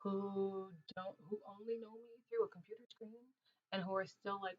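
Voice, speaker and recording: A woman's voice: mid-range voice, normal speed. Twenties woman streamer, chatty and slangy, laughs a lot, dull lo-fi audio. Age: 20s. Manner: chatty, animated, laughs often, loose slangy talk. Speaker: livestream host. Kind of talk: casual livestream chat reading viewer comments. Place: Ontario, Canada.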